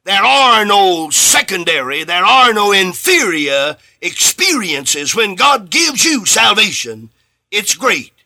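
A man delivers a radio sermon in a bright, piercing voice with a high, lively pitch. He preaches slowly and emphatically, rising to loud swells and sinking to near-hushed lines, and briefly acts out little conversations as he goes. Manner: acts out bits of dialogue in his sermon.

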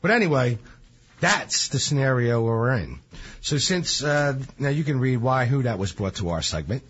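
A man hosting a casual radio talk show about real estate, chatty and fond of jokes, with a husky voice. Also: medium pitch, lively intonation, normal speed, a bit bright, a little hiss or hum. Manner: chatty, jokey storyteller. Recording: dull lo-fi radio audio.

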